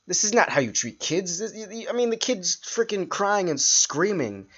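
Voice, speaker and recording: A man hosting his own podcast, ranting in a frustrated, halting way with sighs and restarts. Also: high voice, sing-song, dull audio, crowd noise. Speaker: podcast host. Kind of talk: solo podcast rant.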